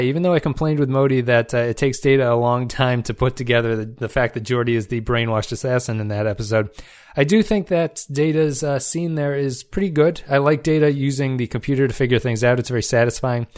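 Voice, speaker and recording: A man's voice: mid-range voice, a little fast, darkish tone. A man hosting a solo review podcast, talking in a loose conversational way with frequent fillers and restarts. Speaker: podcast host.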